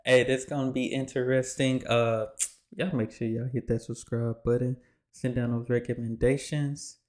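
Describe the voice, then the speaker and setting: A man sits at his mic reacting to a clip, his voice landing at an ordinary middle pitch for a man. He talks casually and slangily, with loose phrasing and easy asides, like someone chatting to his regular viewers. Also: flat delivery, moderate pace. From Texas, USA. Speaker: reaction video host.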